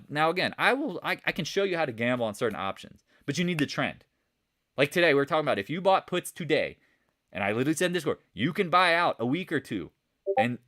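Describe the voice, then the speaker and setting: A man hosting a live stock market chat, coaching viewers with lots of rhetorical questions in an animated, casual way. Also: medium pitch. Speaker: trading channel host.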